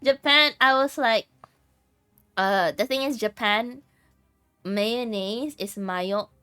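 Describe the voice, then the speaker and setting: A woman with a Filipino accent chats casually while streaming a game, giggling often through her stories. She speaks slowly in a dry, close sound, with faint music underneath. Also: a little high, bright, forceful tone, smooth, dry recording. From Philippines. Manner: giggly storytelling, laughs often. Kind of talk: casual chat while gaming.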